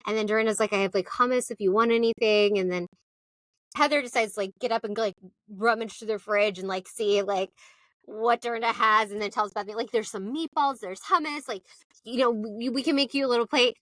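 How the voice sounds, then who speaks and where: Woman, higher register, chatty co-host, mimics the people she quotes, dry close mic. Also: fairly quick, no room sound. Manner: animated storytelling, acting out quotes in exaggerated voices. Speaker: podcast co-host. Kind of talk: casual chat recapping reality TV.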